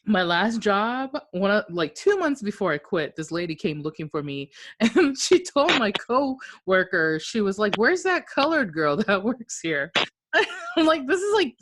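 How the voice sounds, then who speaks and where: A woman's voice: mid-range voice, big pitch swings, a little slow, fairly bright tone. A woman from Okinawa co-hosting a podcast, telling stories in casual chat, swearing freely and acting out the voices of the people she quotes. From Okinawa, Japan. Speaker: podcast co-host.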